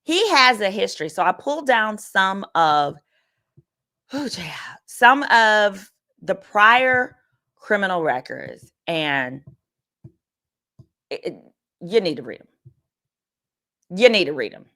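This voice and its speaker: Bright-voiced woman attorney livestreaming. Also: mid-range voice, very animated, slow, pauses often. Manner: candid, casual, reads viewer comments aloud. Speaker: attorney and host. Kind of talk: livestream legal commentary.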